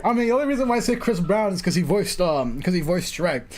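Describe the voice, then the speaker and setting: Animated young male game streamer. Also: high-pitched, fast. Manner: laughs often, rambling and self-mocking. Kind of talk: casual live-stream chat.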